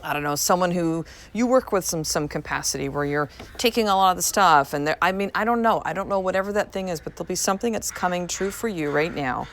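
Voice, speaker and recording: Fast and fairly low-pitched, she barely pauses while hosting her podcast from home. It's casual motivational talk from a woman in her thirties on a podcast mic, frank, repetitive for emphasis and sprinkled with casual swearing.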